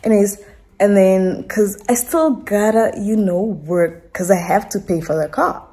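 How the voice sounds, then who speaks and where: A woman's voice: mid-range voice, a little slow, mellow, faint music behind. A young Namibian woman with a Namibian accent, talking to camera at home in an emotional, rambling vlog. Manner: emotional, rambling, fillers and restarts. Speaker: vlogger. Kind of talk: casual vlog talk to camera. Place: at home indoors.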